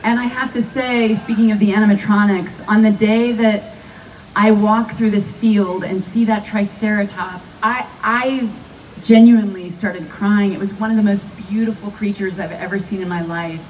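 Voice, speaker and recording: Animated woman telling stories on a panel. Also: medium pitch, moderate pace. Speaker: actress, panel guest. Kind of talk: live panel storytelling. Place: live fan event panel. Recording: distant mic with faint background noise.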